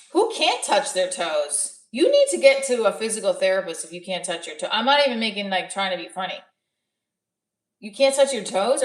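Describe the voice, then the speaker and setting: A woman comedian chatting casually on a livestream, rambling and interrupting herself as she works out jokes. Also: fairly high pitch. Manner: rambling, self-interrupting, jokey. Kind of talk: casual chat with live chat. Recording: echoey room, voice a bit far from mic.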